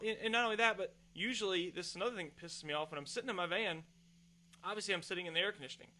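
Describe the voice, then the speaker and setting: A podcast host with a high, sharp voice talks very fast in a casual rant. He tells a heated story full of profanity and exasperation.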